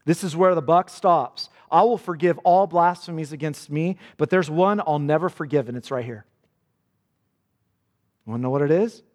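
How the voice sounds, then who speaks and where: A man's voice: on the high side, moderate pace. Man preaching in an echoing hall. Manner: earnest preaching, quoting Jesus in a dramatic voice. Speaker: pastor. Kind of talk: sermon.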